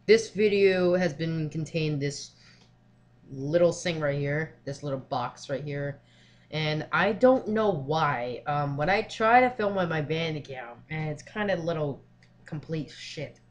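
Excitable young man doing game commentary. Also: a little high, measured pace. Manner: excitable, swears often, rambling with fillers. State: feeling ill. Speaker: gaming channel host. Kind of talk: casual let's play commentary.

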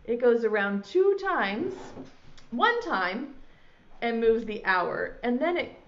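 A woman leads a preschool lesson in a high, lively voice that swoops up and down as she talks to little children. She takes her time, drawing the words out slowly, and the audio is a bit dull and muffled. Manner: slow, sing-song and animated, speaking to small children. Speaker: preschool teacher.

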